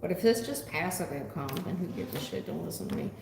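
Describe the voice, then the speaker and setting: A woman doing a live tarot reading, blunt, profane and animated as she answers her chat. Her mid-range voice rings around a bare, echoey room with a long tail, and a faint hiss sits underneath. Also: on the low side, quick pace, creaky. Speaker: tarot reader. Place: home room.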